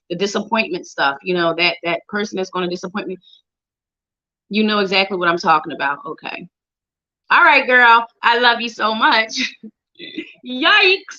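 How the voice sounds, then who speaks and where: On a live show with dull, lo-fi audio, a psychic reader with a high-leaning, sharp voice gives tarot readings. Chatty and playful, she calls viewers by name and hums or sings small tunes while shuffling the cards.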